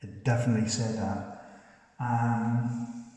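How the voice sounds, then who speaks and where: Male paranormal investigator, unhurried pleading questions, mellow tone, recorded far off in a reverberant house. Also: medium pitch, steady tone. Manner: slow, polite, pleading questions to the unseen. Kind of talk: ghost-hunting session, calling out to spirits. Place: inside an old house. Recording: echoey room, far from the camera mic.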